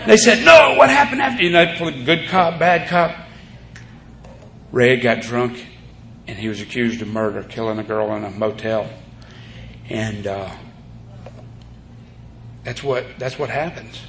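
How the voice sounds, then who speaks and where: A man's voice: medium pitch, a bit bright. A man speaking at a recovery meeting, rambling as he tells his story with many "you know"s. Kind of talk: recovery talk to an audience. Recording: echoey room tape with faint hiss.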